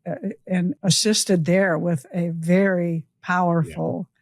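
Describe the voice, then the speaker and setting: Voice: mid-range voice, level tone, slow pace, gravelly, dry recording, clean studio sound. Laughing interviewer reminiscing about coaching. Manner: laughs often, warm reminiscing questions. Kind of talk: casual interview.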